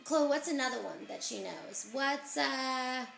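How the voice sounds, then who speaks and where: A woman's voice: high-pitched, unhurried, creaky, a bit bright. A young mother filming her toddler at home on a phone, patiently coaxing her with questions in sing-song baby talk. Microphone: handheld phone camera.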